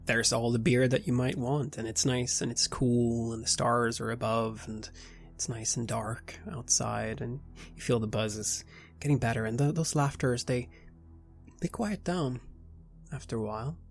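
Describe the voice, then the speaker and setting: A man with a gravelly voice, narrating a tabletop horror game as game master. He speaks in a taunting, unsettling way at an average pitch. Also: steady tone, moderate pace, faint music behind.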